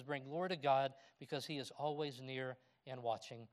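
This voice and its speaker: A man's voice: mid-range voice, steady tone, normal speed, darkish tone. A middle-aged man preaching a sermon, reading scripture aloud and telling personal stories with a laugh. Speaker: pastor.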